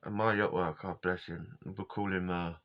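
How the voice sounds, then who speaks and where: A man vlogs about his life in a rambling, slangy monologue, chuckling often as he tells the story. His voice sits low with little pitch movement, at normal speed. The recording has a dull lo-fi sound.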